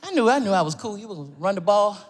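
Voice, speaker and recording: A man doing stand-up comedy on stage, telling a story with animated, yelping jumps in his voice. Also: high-pitched, fast. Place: comedy stage before a live audience. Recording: live stage audio with crowd noise.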